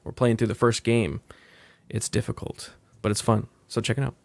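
A man's voice: mid-range voice, flat delivery, moderate pace, creaky, no room sound. A man co-hosting a live stream, laid back and plugging his own stream. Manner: laid-back, brief interjections. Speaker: co-host. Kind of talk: casual live-stream chat.

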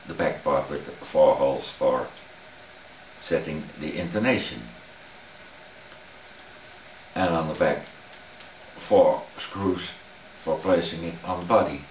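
Very deep, slow-talking man. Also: reverberant, dull audio, slight background noise. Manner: unhurried, plain-spoken, with dry self-deprecating humor. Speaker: guitar builder. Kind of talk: casual narration of a workshop build.

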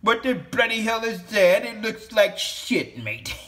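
A man's voice: fairly high pitch, expressive, moderate pace, a bit bright. A man doing a sneering mock Englishman. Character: brash snobbish Englishman, scornful.

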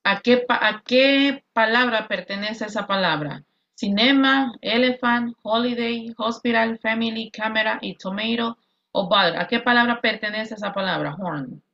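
Bright-voiced woman teacher, lo-fi call. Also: fairly high pitch. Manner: drills words slowly, switches between English and Spanish. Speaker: English teacher. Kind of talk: online class instruction. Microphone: video call. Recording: lo-fi video call audio.

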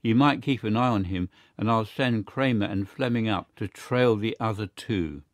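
A shrewd spy chief, as a man reads him, measured and musing. His voice is low and the reading is dry and close. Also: no room sound, natural voice.

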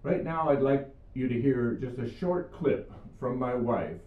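A man's voice: mid-range voice, animated, a little slow. An older man giving an earnest sermon, telling Bible stories and his own healing story. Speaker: preacher. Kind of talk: video sermon. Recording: echoey room, far mic, phone-like sound.

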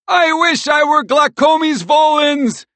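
A man voicing an excitable, adventurous male squirrel with high, frantic cries in an audiobook. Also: slow, no echo, full character voice. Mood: desperate.

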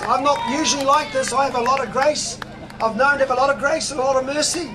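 Casting: high-pitched New Zealand man, fiery rally orator, faint crowd and street noise behind. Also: fairly even intonation, fast. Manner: fiery, preachy, shouts slogans. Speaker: rally speaker. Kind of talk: outdoor protest speech. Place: outdoors at a city demonstration. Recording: crowd and traffic noise outdoors.

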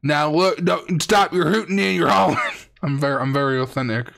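A young man hosting a live stream, chatting casually and cracking jokes between votes. His speaking voice sits a touch high, and he talks in a loose, chatty way. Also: brisk, gravelly, a bit bright. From Wales. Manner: chatty, jokey, reads chat aloud.

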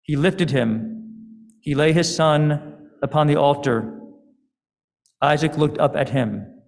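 A male rabbi narrates a sermon story slowly and deliberately. His voice is gravelly and slightly high. A long reverb from the sanctuary follows every phrase. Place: synagogue sanctuary.

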